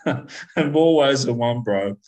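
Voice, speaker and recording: Australian man, podcast co-host, relaxed and mumbly, ordinary mid voice. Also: medium pitch, takes it slowly, poor audio. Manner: laid-back, mumbling, easygoing. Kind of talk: casual chat between friends.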